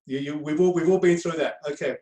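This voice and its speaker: A man's voice: fairly high pitch, quick pace, mellow. Man lecturing in an echoey room. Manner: conversational, repeats himself, many ums. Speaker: crisis management trainer. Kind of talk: lecture to a group.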